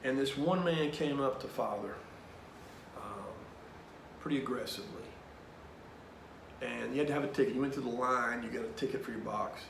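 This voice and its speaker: A man leading a Bible study, telling a personal story in an animated, emphatic way. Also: mid-range voice, normal speed, gravelly, long pauses, roomy sound, background noise.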